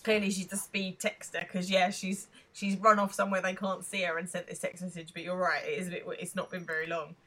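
A woman co-hosting a podcast in casual chat, recapping a TV episode, laughing often and pausing with hesitant ums. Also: fairly low pitch, level tone, bright, forceful tone. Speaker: podcast co-host.

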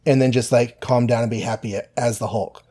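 A man's voice: medium pitch, fairly even intonation, fairly quick, mellow, husky. A man with an ordinary mid-range voice talks through a comic story in a loose, playful way. He tosses in filler and little quoted asides as he goes. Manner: playful, summarizes plots with goofy quoted voices. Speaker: podcast co-host. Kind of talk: casual chat recapping comics.

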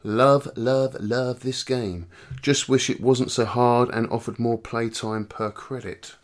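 A man's voice: mid-range voice, fairly even intonation, measured pace. A man co-hosting a casual arcade podcast, reading listener scores in a laid-back way. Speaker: podcast co-host.

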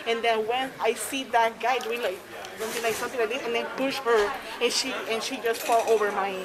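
A woman gate agent explaining to police what happened, halting and repeating herself. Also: a little high, steady tone, low-quality recording. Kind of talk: giving an account to police. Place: airport gate area. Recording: loud crowd noise in terminal. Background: loud crowd.

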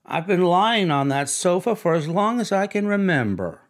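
A man's voice: sits high, sing-song, moderate pace, voice pushed up. A man voicing a cool, languid young sportswoman who speaks in a dry, clipped, offhand way.

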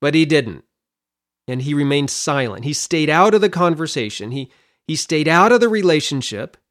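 A man's voice: fairly high pitch, normal speed. A man teaching a Bible passage in an explanatory way, often repeating a word as he thinks. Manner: animated, explanatory, repeats words while thinking.

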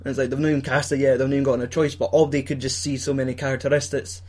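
A man's voice: medium pitch, little pitch movement, rapid-fire, darkish tone. A young Scottish man chatting casually about films, swearing and laughing often as he acts out scenes. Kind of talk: casual film chat.

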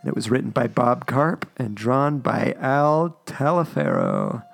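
A man's voice: medium pitch, animated, vocal fry. A man co-hosting a casual podcast, reading trivia in a laid-back, jokey way. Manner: slow, laid-back delivery with jokey asides. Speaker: podcast co-host. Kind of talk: casual chat.

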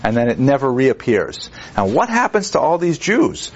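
A man's voice: mid-range voice, huge pitch swings, moderate pace. Man lecturing, lo-fi classroom recording. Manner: digressive, conversational, with many fillers and restarts; acts out quoted figures with wry humor. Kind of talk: university lecture.

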